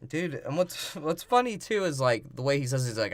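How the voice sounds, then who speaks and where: A man's voice: fairly high pitch, big pitch swings, moderate pace, dry recording. A man co-hosting a podcast, sarcastically retelling a movie plot and laughing as he goes. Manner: laughing, sarcastic, quotes characters in a mocking voice. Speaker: podcast co-host. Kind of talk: crude comedic movie review chat.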